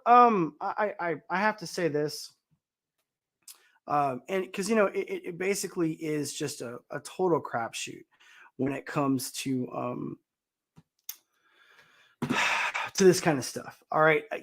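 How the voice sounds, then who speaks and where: A man with a fairly high, gravelly, slightly bright voice hosts a casual show. He rants bluntly over news clips, swearing and using fillers and restarts.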